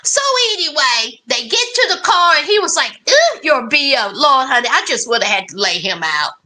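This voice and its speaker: A woman hosting a reality TV recap in casual, sassy commentary, with emphatic, drawn-out exclamations and chatty asides to the listener. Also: sits high, very animated, sharp tone.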